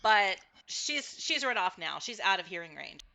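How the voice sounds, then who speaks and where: A woman's voice: medium pitch, very animated, moderate pace, vocal fry, crowd noise. A woman narrating a tabletop game as game master, recapping with frequent fillers and self-corrections.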